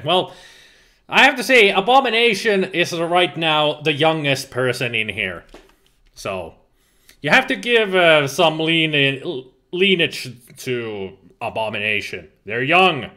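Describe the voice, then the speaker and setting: Hosting a livestream, this Finnish man reads out the live chat and talks casually, often laughing and starting words over. He sounds a little high, animated, and unhurried, with a sharp tone.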